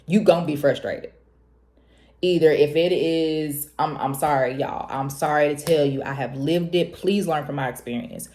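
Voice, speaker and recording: Young woman, low warm voice, animated confessional vlog talk. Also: normal speed, few pauses. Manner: animated, preachy, laughs often, jumps high when quoting herself. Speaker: vlogger. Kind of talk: casual confessional talk to camera.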